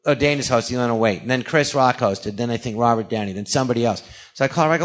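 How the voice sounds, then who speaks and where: A middle-aged man from California, telling lively anecdotes in an interview and acting out the dialogue. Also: mid-range voice, quick pace, hardly any pauses. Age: 40s or older. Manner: animated storyteller acting out quoted dialogue. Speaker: guest. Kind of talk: anecdotal storytelling.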